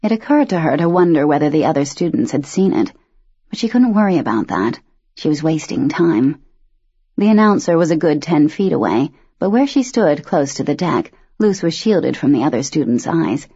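A woman with a husky voice reading a novel aloud as a narrator, in a steady, measured way. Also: sits low, dry recording. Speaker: audiobook narrator. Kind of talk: scripted narration. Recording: dull, dry lo-fi recording.

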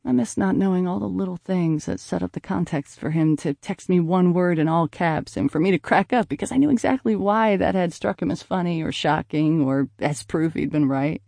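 Male audiobook narrator, mellow and dry, measured conversational read. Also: sits high, creaky, dry recording. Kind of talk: first-person audiobook narration.

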